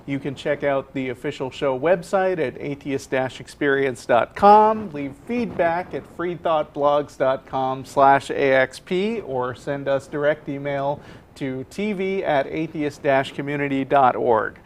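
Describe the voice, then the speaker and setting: A man co-hosting a live call-in TV show in a studio. His voice sits at an ordinary middle pitch, and he talks in a relaxed, hesitant way full of fillers. Faint hiss runs underneath. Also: unhurried. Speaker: co-host. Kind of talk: casual chat.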